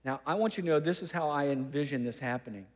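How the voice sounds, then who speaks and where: A man's voice: a little high, fast, long reverb tail. A man preaching a sermon as pastor, conversational and humorous, with teasing asides.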